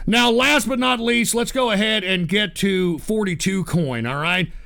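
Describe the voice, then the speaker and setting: Brash, high, gravelly male streamer. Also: a little slow, sharp tone. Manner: brash, profane, boisterous. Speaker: livestream host. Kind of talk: casual livestream chat.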